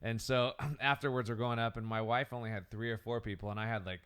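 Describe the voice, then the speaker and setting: Fast-talking man with a smooth voice. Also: medium pitch, steady tone, a bit bright. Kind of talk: casual podcast chat.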